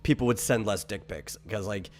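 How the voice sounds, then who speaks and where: Deep-voiced man, dry chat. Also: normal speed, soft background music. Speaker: podcast co-host. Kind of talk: casual chat.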